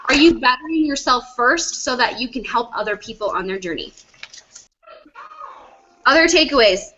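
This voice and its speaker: A woman's voice: high voice, lively intonation, moderate pace, bright, forceful tone, lo-fi sound. A woman leading a motivational group coaching session, asking her team many questions over a video call.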